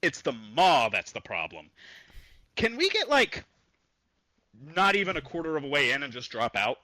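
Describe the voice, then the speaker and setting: Brief: male player, bright and direct, dry close sound. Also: on the high side, wildly swooping pitch, normal speed, no room sound. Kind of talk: casual tabletop play.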